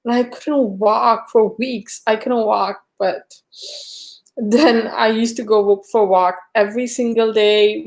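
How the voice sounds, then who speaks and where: A woman chatting casually on a live stream, telling a rambling story full of fillers. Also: a little mellow. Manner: high cooing baby talk to her dog.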